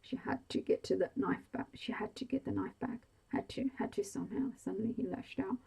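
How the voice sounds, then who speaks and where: Woman, whispered bedtime story, husky breathy voice, gravelly fry, mellow. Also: mid-range voice, fairly quick, poor audio. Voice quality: soft whispery delivery. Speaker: audiobook reader.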